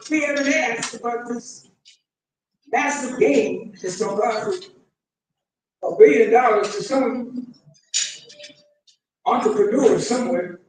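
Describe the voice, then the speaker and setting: A man delivering a sermon, addressing his congregation and building to shouted emphasis. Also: very high-pitched. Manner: preaching with rising shouted emphasis. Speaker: imam. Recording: echoey hall, mic from far off.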